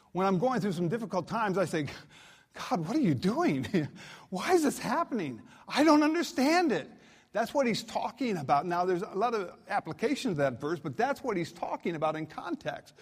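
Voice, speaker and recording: A man's voice: on the high side, long reverb tail. A man preaching a sermon as a guest preacher, reading scripture and telling homespun stories in a conversational, folksy way. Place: church auditorium.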